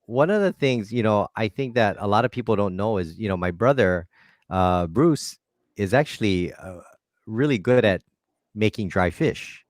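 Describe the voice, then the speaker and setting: A man's voice: on the low side, animated, normal speed, no echo, studio quality. A man hosting a casual live stream, easygoing and hesitant with many fillers.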